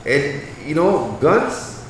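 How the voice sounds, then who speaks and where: A man's voice: fairly high pitch, very animated, drawn-out words, slight background noise. A man talking in a casual chat, blunt and profane, often asking whether the listener gets what he is saying. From Canada. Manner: blunt and profane, repeats "you get what I'm saying". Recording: echoey, far from the mic.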